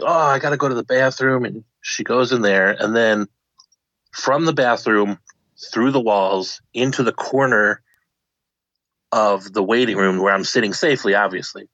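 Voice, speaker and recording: A young man with a fairly low voice tells a funny story from his own life, animatedly acting out the voices of the people in it. The recording is dry and dull, with a lo-fi quality and no room sound.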